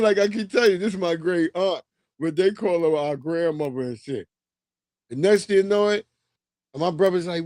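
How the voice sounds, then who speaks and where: A man telling a long, profane childhood story on his livestream in a streetwise, animated way. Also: a little high, no room sound, clean studio sound. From New York. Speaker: livestream host. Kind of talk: casual storytelling.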